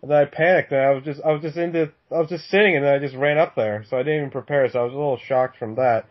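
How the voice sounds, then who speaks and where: Dude rambling about a bad comedy gig, cusses a lot, laughs, kinda muffled audio. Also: male voice, fairly high pitch, steady tone, very fast. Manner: profane, laughing storyteller. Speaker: podcast guest. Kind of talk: casual chat. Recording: dull lo-fi sound.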